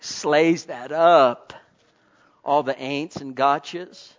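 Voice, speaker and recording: A man preaching a sermon to his congregation, fervent, swinging between loud exhortation and low, quiet asides. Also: steady tone, extremely slow, muffled recording.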